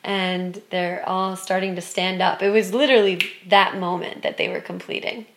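Gravelly-voiced woman telling a heartfelt story. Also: on the low side, moderate pace, slight background noise. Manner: expressive, swings from loud excitement to hushed softness. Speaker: guest telling a personal story. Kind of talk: candid spiritual storytelling.

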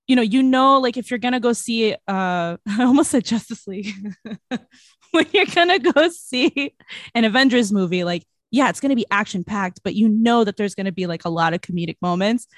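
Her voice is on the high side as this young woman, a podcast co-host, gives a casual movie review. She sounds bubbly and giggly and uses plenty of fillers, in a dry, clean studio recording.

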